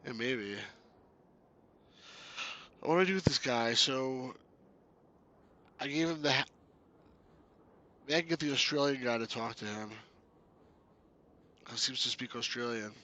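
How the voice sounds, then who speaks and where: A man's voice: mid-range voice, unhurried, pauses often, sharp tone. A man giving casual, chatty commentary while playing a game, reading the on-screen text aloud and laughing often. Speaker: game reviewer.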